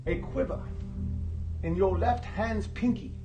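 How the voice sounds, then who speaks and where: A man doing a pompous fake-British detective over loud guitar. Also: high voice, slow pace. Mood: theatrical. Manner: exaggerated, overwrought fake British accent. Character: pompous male detective, bad Sherlock impression. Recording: video clip with loud guitar music. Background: guitar music.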